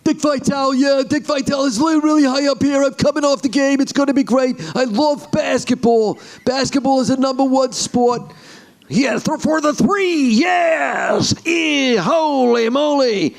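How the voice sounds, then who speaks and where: A man putting on the voice of an excitable older male basketball commentator, gushing and exclaiming. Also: very high voice, moderate pace, creaky, voice pushed up. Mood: hyped. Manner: shouting hype, gushing exclamations.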